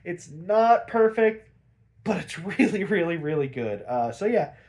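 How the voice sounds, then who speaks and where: A man's voice: high voice, sing-song, measured pace, darkish tone. A sniffly man casually retelling and reviewing a cartoon episode, rambling, swearing and laughing as he goes.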